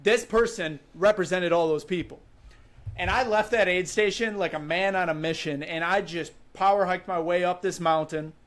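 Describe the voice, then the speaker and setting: Young guy from wisconsin, high voice, chatty podcast guest telling his story, lots of "like" and "you know". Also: moderate pace. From Wisconsin, USA. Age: 20s. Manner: animated, vivid recounting with frequent "like" and "you know". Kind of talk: casual storytelling.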